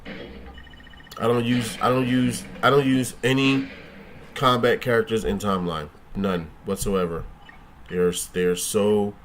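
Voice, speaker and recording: A man's voice: mid-range voice, a little hiss or hum. A man hosting a casual gaming livestream, joking and cursing as he thinks aloud and talks back to his chat. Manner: thinks aloud, trailing restarts.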